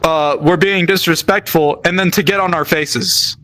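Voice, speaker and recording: A man's voice: a little high, steady tone, moderate pace, bright, forceful tone, no echo. A young man casually telling military stories while gaming, rambling with many fillers and restarts.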